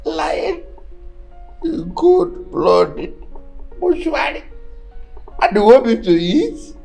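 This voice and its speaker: A man's voice: extremely high pitch, sing-song, drawn-out words, creaky, a little mellow, breathy edge, faint music behind, heavily acted. A man with a Nigerian accent playing a distraught young man who wails, sobs and laughs in grief over his friend. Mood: grief-stricken. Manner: wailing, swings between sobs and laughs. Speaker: grieving friend refusing food. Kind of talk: Nollywood film acting.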